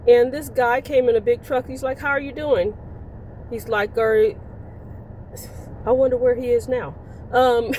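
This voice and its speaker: A woman's voice: a little high, a little mellow, slight background noise, poor audio. A woman in her sixties vlogging, telling stories in a chatty, playful way and laughing as she goes. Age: 60s. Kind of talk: casual storytelling to camera.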